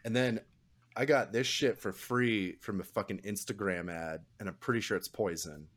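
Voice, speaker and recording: A man's voice: on the low side, moderate pace, fairly bright tone. A young man chatting casually as a podcast co-host, rambling, swearing freely and laughing often. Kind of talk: casual chat.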